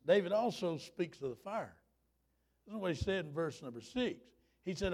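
A high-pitched man in his fifties preaches with folksy fervor. His voice swoops widely, and at its peaks he breaks into shouts. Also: sing-song, moderate pace. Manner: fervent, folksy, rising to shouts. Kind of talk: revival sermon.

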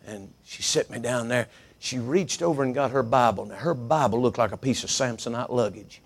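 A man's voice: mid-range voice, moderate pace, vocal fry. A middle-aged man preaching a sermon, telling folksy stories and repeating words for emphasis.

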